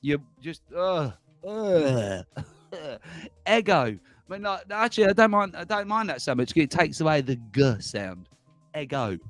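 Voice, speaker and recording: A man's voice: on the high side, big pitch swings, unhurried, dry recording, faint music behind. A man hosting a casual livestream, rambling and chuckling as he reads out viewer comments. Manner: chuckling, rambling, self-mocking. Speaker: livestream host.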